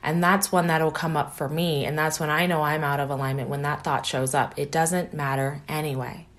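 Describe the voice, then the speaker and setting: Woman life-coach host, deep-toned, casual reflective solo podcast talk. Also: fairly even intonation, brisk. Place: at home early morning, keeping voice down.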